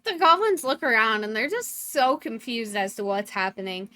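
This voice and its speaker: A woman's voice: on the high side, very animated, normal speed, sharp tone, no room sound. A woman narrating a tabletop role-playing game as dungeon master.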